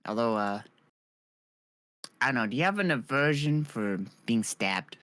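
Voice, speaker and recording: A man's voice: mid-range voice, animated, a little slow, a bit bright, dry recording. A man playing a tabletop game, hesitant and rambling with wry jokes. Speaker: player. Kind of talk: casual tabletop chat.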